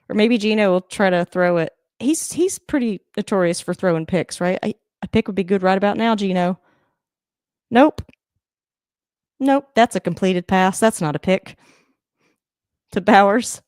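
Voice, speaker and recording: Woman host, live game reaction stream, mid pitch, rambling and chatty with excited bursts, dry close sound. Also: a little slow, long pauses, smooth, dry recording. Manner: chatty, rambling, laughs often, sudden excited outbursts. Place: home room, moving around the camera.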